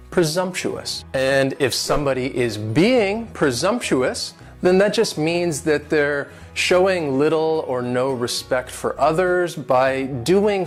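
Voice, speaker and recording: A man teaching English vocabulary in an online lesson. He says each word slowly and carefully, in a friendly, lightly joking way. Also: a little high.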